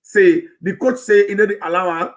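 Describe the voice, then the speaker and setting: A man's voice: high voice, a little fast. A man with a Sierra Leonean Krio-English accent, rambling through an opinion commentary with many restarts. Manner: rambling, searching, frequent restarts. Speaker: host of a political commentary channel.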